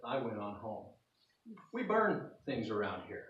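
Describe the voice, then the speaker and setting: A man's voice: mid-range voice, sing-song, brisk, fairly bright tone, highs cut off, a little hiss or hum. A pastor from North Idaho giving a sermon in a folksy storytelling way, acting out the scenes he describes. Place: church sanctuary. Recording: roomy hall, voice from a distance.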